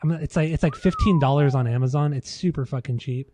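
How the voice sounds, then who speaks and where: A man's voice: fairly high pitch, lively intonation, quick pace, dark tone, slight background noise. A man co-hosting a podcast, chatting casually and profanely about albums in a loose, rambling way. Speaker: podcast co-host. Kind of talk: casual music review chat.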